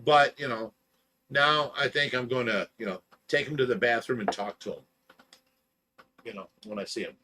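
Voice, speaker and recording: A man's voice: medium pitch, moderate pace, long pauses, pushed and bright, a little hiss or hum. A man hosting a livestream, casually telling a long story, rambling with lots of "you know" and "blah blah," and getting heated as he retells an argument. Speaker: livestream host.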